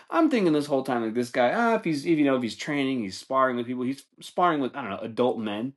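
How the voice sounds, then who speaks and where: A man spins a story on his comedy podcast, casual and animated. His voice sits at an ordinary middle pitch. He curses freely and jumps up in pitch whenever he acts out what others said. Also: quick pace, few pauses. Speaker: podcast host.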